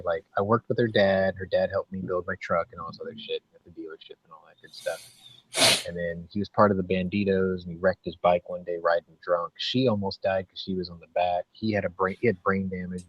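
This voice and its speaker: Low husky man rambling in casual chat. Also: fairly even intonation, fast. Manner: rambling storyteller, swears, laughs often. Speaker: host of a gun channel hangout. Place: home, live video hangout. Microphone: video call. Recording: dull lo-fi dry sound.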